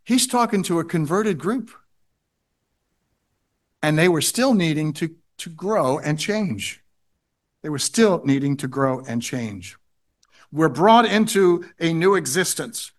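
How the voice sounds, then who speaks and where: A man's voice: on the high side, animated, slow, pauses often. A man preaching a sermon, reading scripture aloud and repeating key phrases for emphasis. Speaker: pastor.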